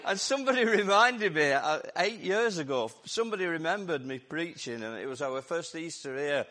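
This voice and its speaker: A man with a Lancashire accent preaching a lively, jokey Easter sermon to his church while his voice goes hoarse. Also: a little high, normal speed. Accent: Lancashire English. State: voice going hoarse. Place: church service.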